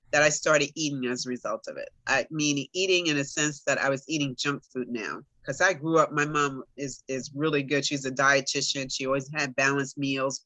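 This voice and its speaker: A woman's voice: deep voice, pushed and bright, no room sound. A middle-aged woman in casual conversation, telling her own story animatedly and talking straight to her listeners. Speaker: guest sharing her story.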